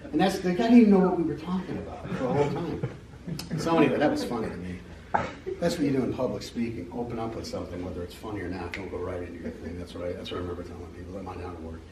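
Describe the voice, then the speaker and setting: A middle-aged American man gives an unscripted personal testimony at a church meeting, rambling and joking through his stories. His voice is low-ish, animated, and fairly quick, recorded from a distance in an echoey hall with background noise.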